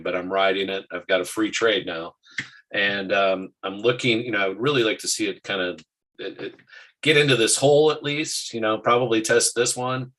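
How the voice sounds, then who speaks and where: Bright-toned man talking markets. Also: lowish voice, poor audio. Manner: animated, restarts often. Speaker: market show host. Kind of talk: casual market talk.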